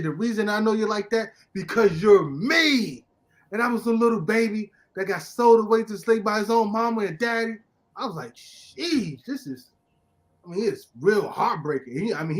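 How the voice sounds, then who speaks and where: An excitable man hosts a casual comic book talk, speaking in a voice pitched a little high. He laughs often and launches into loud, emphatic rants when something gets to him. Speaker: podcast host.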